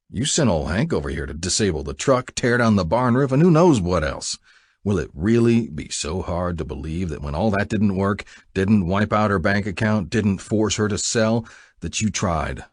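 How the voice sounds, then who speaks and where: A man's voice: low voice, breathy edge, no room sound, clean studio sound. A man voicing a cocky, sarcastic young man with a mocking way of talking.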